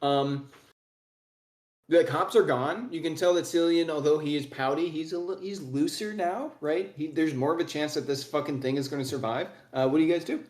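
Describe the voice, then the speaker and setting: A man's voice: on the high side, moderate pace, a little mellow. A man narrating a tabletop game as game master, loose and laughing, full of fillers and swearing. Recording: echoey room.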